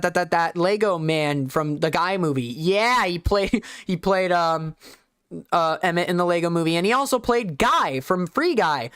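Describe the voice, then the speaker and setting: Streamer, light Southern US accent, rambling live commentary, self-deprecating, smooth resonant voice, dry close sound. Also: medium pitch, expressive, moderate pace, a bit bright, no room sound.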